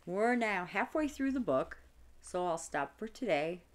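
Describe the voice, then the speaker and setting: Expressive woman reading a children's book. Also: medium pitch, measured pace. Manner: expressive, storytelling. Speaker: reader.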